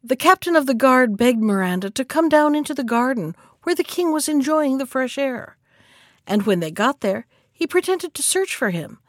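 A woman narrating a fairy tale in a calm, measured reading voice. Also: sits high, no echo, studio quality. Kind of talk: scripted storybook narration.

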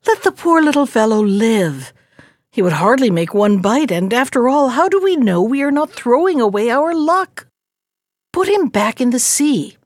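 A kind, hopeful younger brother from a fairy tale, a poor fisherman, voiced by a woman in a gentle, coaxing tone. The pitch sits fairly high and moves expressively. The sound is dry and close to the mic. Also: sing-song, moderate pace, no room sound.

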